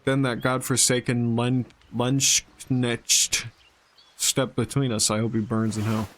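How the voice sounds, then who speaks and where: Grieving old villager from a story game, stubborn, gentle, plain reading voice, done by a man, mid pitch. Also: flat delivery, slow, a little hiss or hum, lightly acted. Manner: reads game dialogue aloud in a plain voice.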